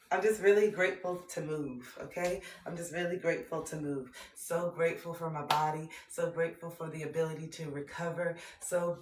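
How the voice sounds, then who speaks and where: A woman's voice: low-pitched, fairly quick, few pauses. A woman in her thirties livestreaming, talking reflectively about healing and gratitude in a casual way. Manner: reflective, spiritual, breaks into laughter and excited chanting. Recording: roomy echo.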